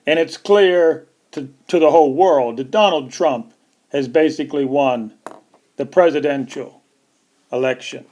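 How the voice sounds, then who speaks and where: A man's voice: fairly high pitch, unhurried, darkish tone. A man giving a scornful, emphatic political rant over news footage, repeating his points for weight. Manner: scornful, mocking. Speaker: online political commentator.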